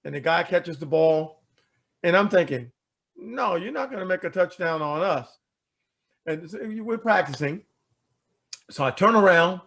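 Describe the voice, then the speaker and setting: A man telling a personal story in an animated way, asking rhetorical questions and repeating words as he talks. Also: on the high side. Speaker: speaker telling a life story. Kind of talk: storytelling talk.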